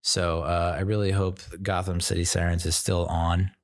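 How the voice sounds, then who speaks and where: A young man with a deep, low-pitched voice chats casually about films. He rambles, stops and restarts sentences, and leans on fillers as he talks. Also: flat delivery, normal speed. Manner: rambling, filler-heavy, self-interrupting. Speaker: podcast host reviewing movies.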